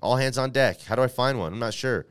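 A man's voice: mid-range voice, fast, clean tone, no echo, studio quality. A man hosting a casual sports podcast, rambling and correcting himself with lots of fillers, reading an ad and then talking about his team. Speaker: podcast host. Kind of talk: casual podcast talk with ad read.

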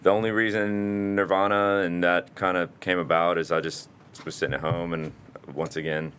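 Deep-voiced laid-back man chatting. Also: level tone, moderate pace, a bit bright, clear, resonant tone. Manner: laid-back, rambling, swears and laughs often. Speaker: muralist guest. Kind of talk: casual chat.

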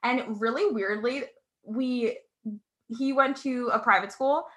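Bright rambling young woman. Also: on the high side, takes it slowly. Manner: rambling, filler-heavy, laughing. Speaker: guest. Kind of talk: casual podcast chat.

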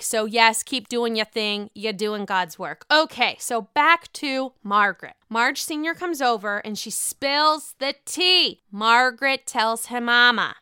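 A woman's voice: on the high side, unhurried, few pauses, bright, forceful tone, smooth, no room sound, clean studio sound. A young woman hosting a casual, profane, gossipy recap of a reality show, full of gasps and exclamations.

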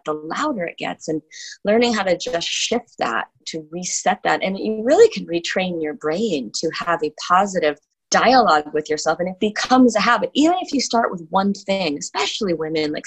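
Middle-aged woman, fitness instructor, lower voice, earnest and encouraging, some restarts. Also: breathy edge, rough recording. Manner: earnest, encouraging, repeats words. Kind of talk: casual chat.

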